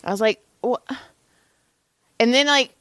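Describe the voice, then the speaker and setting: A young adult woman co-hosting a podcast, telling a story in casual chat with lively acted-out quotes and frequent swearing. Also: on the low side, normal speed, dry recording. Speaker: podcast co-host.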